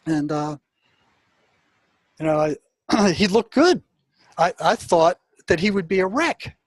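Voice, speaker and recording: A man, a guest in an interview, telling a story from his prison work in a casual, animated way, restarting sentences and laughing now and then. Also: high-pitched, takes it slowly, no room sound.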